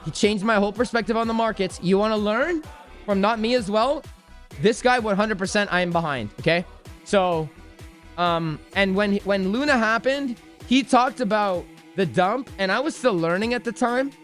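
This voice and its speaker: High-voiced man rambling on a livestream. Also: normal speed, a bit bright, faint music behind. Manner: rambling, joking, self-deprecating, with many restarts. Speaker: crypto trading streamer. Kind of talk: casual livestream chat answering viewer questions.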